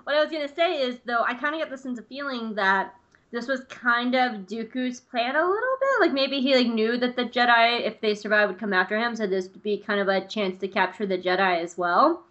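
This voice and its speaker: A woman with a bright, forceful voice pitched a little high, co-hosting a casual podcast. She recaps episodes and chats in an animated way. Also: fairly quick, lo-fi sound. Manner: animated, acts out characters' lines while recapping. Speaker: podcast co-host.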